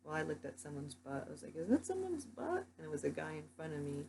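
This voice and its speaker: A woman's voice: sits low, completely flat delivery, rapid-fire, gravelly, a little hiss or hum, rough recording. A young woman telling her dreams in a casual vlog, rambling with lots of "like" fillers. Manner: rambling, many "like" fillers, soft-spoken. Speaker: vlogger.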